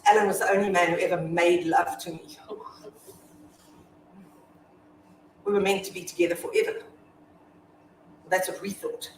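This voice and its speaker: An actress playing a grieving, foul-mouthed widow in a staged reading, telling her story from hushed to shouting. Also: on the low side, fairly even intonation, brisk, slight background noise, close to an everyday voice. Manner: confessional monologue, swinging from hushed to shouting. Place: theatre stage. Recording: echoey hall from far off.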